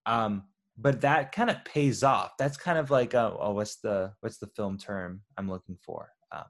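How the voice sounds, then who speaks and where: A man's voice: fairly low pitch, normal speed. A man casually talking over a film's scenes with a friend, easygoing and sometimes searching for the right word. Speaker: podcast co-host. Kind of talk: casual conversation.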